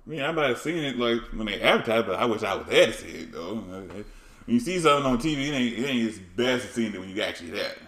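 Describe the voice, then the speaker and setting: A man's voice: lowish voice, animated, fast talker, a bit bright. A man interviewing a guest in a comedy sketch, asking curious, laid-back questions. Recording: roomy echo.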